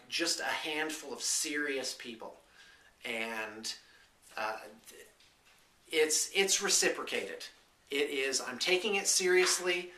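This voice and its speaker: A man's voice: a little high, bright, forceful tone, roomy sound, far from the mic. A man giving a casual, rambling vlog update, full of hesitant fillers. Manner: chatty, hesitant with lots of fillers. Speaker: vlogger and small business owner.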